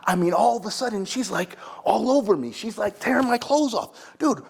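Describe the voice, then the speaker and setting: A man performing a monologue as a rambling, excitable young party guy who keeps saying "like" and "dude" and restarting his sentences. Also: high-pitched, normal speed, gravelly, breathy edge, heavily acted. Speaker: attorney in a monologue workshop.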